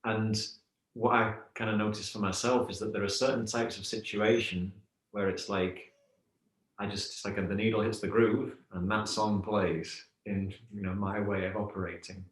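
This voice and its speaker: Thoughtful man, lowish voice. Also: little pitch movement, moderate pace. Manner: thoughtful, storytelling with analogies. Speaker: yoga teacher, podcast guest. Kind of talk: reflective podcast talk. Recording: roomy echo.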